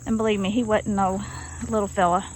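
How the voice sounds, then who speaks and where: Out in the rural woods, a woman from Arkansas narrates a story for her viewers with a folksy drawl, saying y'all. Her mid-range voice is darkish and level, and she talks briskly. The audio is poor, with faint outdoor sounds and the buzz of crickets and insects.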